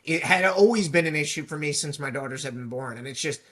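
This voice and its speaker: A man's voice: a little high, quick pace, fairly bright tone. A man guest on an interview show, a police union leader, speaking earnestly and reflectively in casual conversation.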